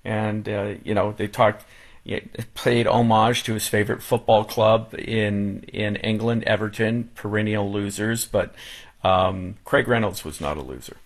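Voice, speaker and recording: Low-voiced guy, choked up, keeps stopping and restarting. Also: fairly even intonation. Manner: halting, emotional, many fillers and restarts. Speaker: guest. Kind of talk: casual chat.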